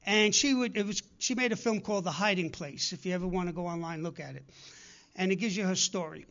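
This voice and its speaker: The audio is dull, and the man's high-pitched voice moves at a quick pace with a fairly bright tone. He is preaching a sermon, earnestly pressing his congregation repeatedly and dramatizing the people he quotes.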